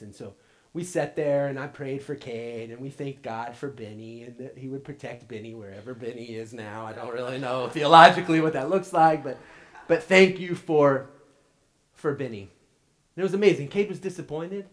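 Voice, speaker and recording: A man in his thirties giving a sermon in a church. He tells a family story in an earnest way, often repeats his first words, and swings between loud and hushed. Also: mid-range voice, rough recording. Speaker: pastor. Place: church sanctuary.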